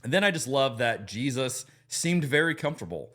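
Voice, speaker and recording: A man in a podcast conversation, who talks with animated enthusiasm and builds his points as he tells stories. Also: medium pitch, fairly quick, noisy background. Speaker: pastor.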